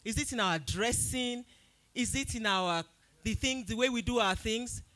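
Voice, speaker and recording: A woman with a Nigerian accent addresses an event crowd. Her voice sits high and sounds bright and forceful. She tells stories with energy and raises her voice when she acts out what people said. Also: normal speed. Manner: animated storytelling, acts out quotes loudly. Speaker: event host and founder. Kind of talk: speech at a live event.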